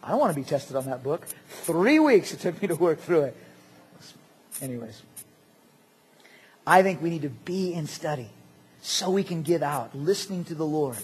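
A man preaching a sermon as pastor, animated and jokey, swinging between loud outbursts and quiet asides. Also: fairly high pitch, normal speed, pauses often, slightly rough.

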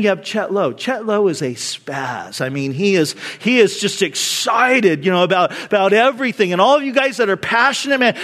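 A man pastor giving a sermon, talking in a conversational, animated way and telling stories with asides to the congregation. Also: sits high.

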